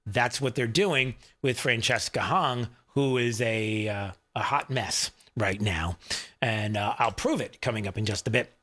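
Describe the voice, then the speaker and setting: A man's voice: mid-range voice, a little slow, a bit bright. Chatty male talk radio host. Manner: chatty, rambling, lots of fillers and asides to his producer. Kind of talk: casual talk radio monologue. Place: radio studio.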